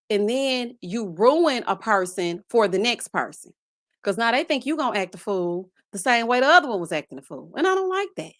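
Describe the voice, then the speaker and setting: A woman hosting a casual reality TV recap, sassy and animated, calling her viewers child and baby and breaking into laughs. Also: no room sound, clean studio sound. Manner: bursts into high laughs. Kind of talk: casual chat.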